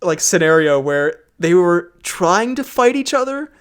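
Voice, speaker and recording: Young male podcast host, high voice, rambling storyteller, slightly odd mic sound. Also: sing-song, measured pace, fairly bright tone, smooth. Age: young adult. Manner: rambling, giggly, lots of "like". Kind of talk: casual chat. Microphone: makeshift mic setup that sounds a bit off.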